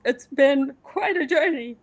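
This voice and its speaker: A woman's voice: high-pitched, a little slow. A middle-aged woman from Afghanistan, a guest in a candid interview, speaking with passion and repeating phrases for emphasis.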